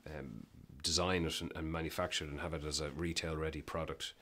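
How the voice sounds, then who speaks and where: A man interviewed as a business guest, telling emphatic, animated anecdotes with frequent restarts in casual conversation. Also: extremely low pitch, brisk, slight background noise.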